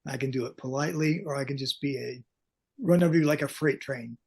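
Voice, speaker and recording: An older man, a concert pyrotechnics veteran, telling lively backstage stories as a podcast guest and acting out the lines he quotes. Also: medium pitch, fairly quick, gravelly, husky. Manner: animated anecdotes, acts out quoted lines. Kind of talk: storytelling in a podcast interview.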